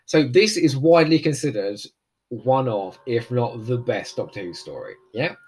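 A man's voice: mid-range voice, normal speed, husky. A man chatting casually as a podcast co-host, enthusiastic and full of trivia. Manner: animated, enthusiastic, fond of trivia. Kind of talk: casual chat.

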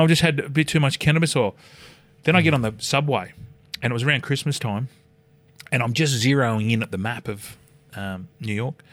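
A middle-aged Australian man, a former rugby league player, telling a story on a podcast in a lively, sweary way, acting out the voices of the people in it. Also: medium pitch, no echo. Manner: animated, swears often, acts out quoted voices. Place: podcast studio.

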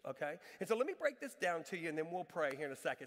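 A middle-aged male pastor with a notably high voice delivers a sermon in a large church hall, his words trailing off into a long reverb. He tells stories with lively humor and preaches with emphatic, rhetorical questions to the congregation. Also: very fast, few pauses. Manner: animated, humorous storytelling. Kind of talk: sermon with a personal story. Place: church sanctuary.

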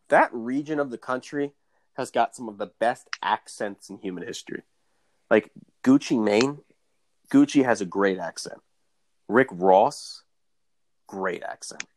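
A man's voice: fairly low pitch, gravelly, dry recording. A young man co-hosting a podcast, rambling and joking in casual chat. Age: young adult. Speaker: podcast co-host.

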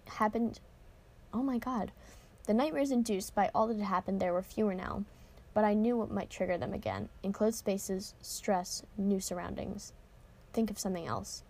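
A woman's voice: medium pitch, a little mellow. A woman reading a novel aloud in an informal way, with casual asides, occasional cursing and restarts. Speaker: reader.

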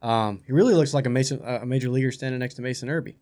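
A man's voice: medium pitch, rapid-fire, darkish tone. A man talking casually as a guest on a sports talk show, chatty and often restarting his sentences. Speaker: guest baseball analyst.

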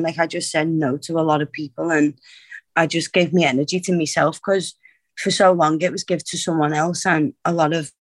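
A young professional wrestler in their twenties talks through a casual interview, open and a little self-mocking. The voice sits mid-range in pitch and is heard dry and close, with no room around it. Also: no room sound. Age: 20s. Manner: open, chatty, self-deprecating.

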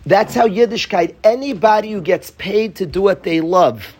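A man's voice: high-pitched, normal speed, husky. A man teaching a Torah class to students, pleading and passionate, joking with them at times.

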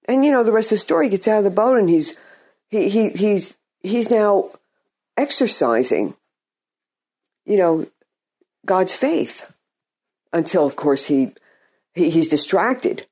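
A male preacher gives an informal sermon at an unhurried pace. His voice is mellow and warm, and he talks in a halting, conversational way. He often repeats words and starts phrases over. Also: sits high, very animated.

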